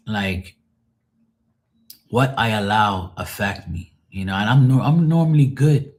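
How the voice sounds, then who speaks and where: Frustrated, low-voiced man venting. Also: unhurried, darkish tone. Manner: frustrated, rambling, swears often. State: sad, emotionally drained. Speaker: live stream host. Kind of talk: emotional unscripted monologue.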